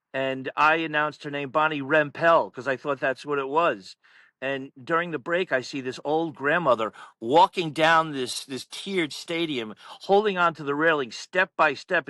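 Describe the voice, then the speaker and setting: Animated storytelling man, bright voice. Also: fairly high pitch, no room sound. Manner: animated, laughs through stories, acts out quotes loudly. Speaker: meet announcer. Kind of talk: casual storytelling.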